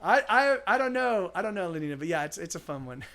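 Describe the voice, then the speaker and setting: A man's voice: high-pitched, sing-song, normal speed, fairly bright tone. A man in his forties, a singer-songwriter streaming live, chatting casually between songs in a rambling way, with many restarts, swearing and laughing. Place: home streaming setup. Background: acoustic guitar.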